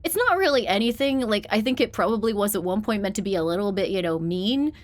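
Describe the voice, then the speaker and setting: A woman's voice: medium pitch, animated, fast talker. A woman in her thirties from England whose accent sounds mostly American with a slight British edge, chatting casually on a headset mic and rambling with many fillers and restarts. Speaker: streamer. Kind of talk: casual chat.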